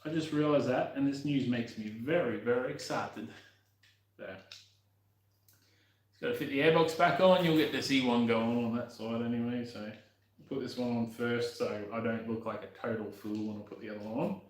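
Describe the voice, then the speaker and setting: A man's voice: medium pitch, normal speed, echoey room, low-quality recording. A young man casually talking while working on his motorbike, rambling and muttering to himself with the odd swear.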